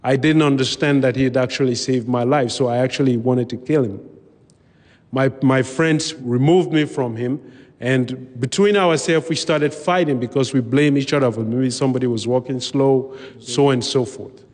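A man recounting his own past in a measured, vivid way, pausing now and then to restart a phrase. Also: mid-range voice, darkish tone. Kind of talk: personal storytelling talk. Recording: long hall reverb.

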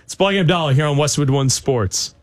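A man's voice: a little high, fairly quick, dry recording. A man hosting a sports radio show, chatting casually and giving his opinions with frequent fillers. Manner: hesitant, opinionated, with many fillers.

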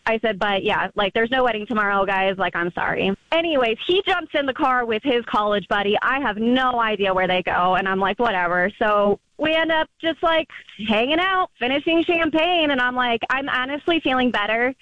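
A woman's voice: a little high, expressive, moderate pace, fairly bright tone, dry recording. A woman calling in to a radio show, telling her story in a chatty way, full of "like" fillers. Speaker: caller. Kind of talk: phone-in storytelling. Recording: muffled phone line.

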